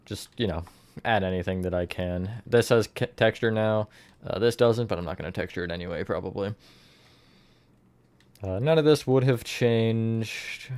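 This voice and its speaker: Guy streaming his build, low voice, rambly, dry close mic, keys clacking. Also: moderate pace, darkish tone, clean tone, dry recording. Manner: rambling, thinks aloud and greets chat viewers. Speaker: livestreamer building in a game. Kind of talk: casual live-stream chat.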